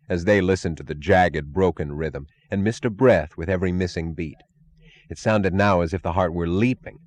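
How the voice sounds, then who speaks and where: A man narrates an audiobook in a deep, low voice. His reading is measured but dramatic, rising and falling across a wide range of pitch. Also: darkish tone. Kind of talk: scripted narration.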